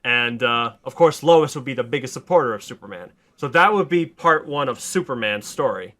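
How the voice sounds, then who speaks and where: A man hosting a podcast, excitedly retelling a story pitch in casual, swearing chat. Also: normal speed. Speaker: podcast host.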